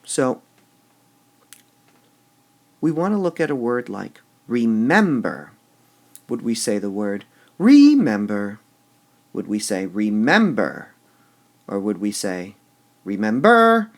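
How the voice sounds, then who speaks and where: A man's voice: fairly low pitch, a little slow, long pauses, a little mellow. A man teaching a recorded lesson on poetic meter. He goes step by step, says "all right" often between steps, and repeats words with shifting stress to show the beat.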